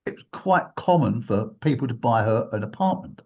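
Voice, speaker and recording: A man telling a personal story during a talk, animated and acting out the lines of the people he quotes. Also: medium pitch, normal speed, creaky, few pauses, husky. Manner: animated, acts out quotes in a raised voice. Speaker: guest speaker. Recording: dull lo-fi recording.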